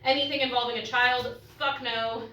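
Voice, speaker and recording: A woman's voice: on the high side, steady tone, moderate pace, recorded from a distance, background noise. A young woman vlogging casually while she cooks in her home kitchen, joking and swearing freely, her eyes teary from cutting an onion. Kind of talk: casual chat while cooking. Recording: echoey room, mic set back.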